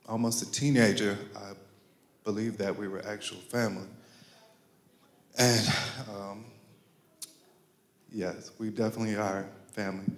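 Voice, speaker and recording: A man giving a halting funeral tribute, pausing often with filler words. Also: lowish voice. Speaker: family friend giving a tribute. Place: church. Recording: echoey church sanctuary.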